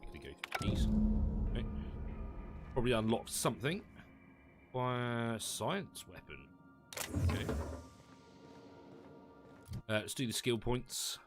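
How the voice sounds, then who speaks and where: A man's voice: medium pitch, sing-song, slow, long pauses, over loud music. A man casually commenting as he streams a video game, chatty and self-deprecating as he thinks aloud. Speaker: gaming streamer.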